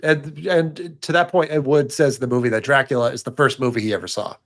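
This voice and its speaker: A man co-hosting a movie podcast, giving thoughtful, measured commentary in casual chat. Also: medium pitch, fairly even intonation, a bit bright. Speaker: podcast co-host.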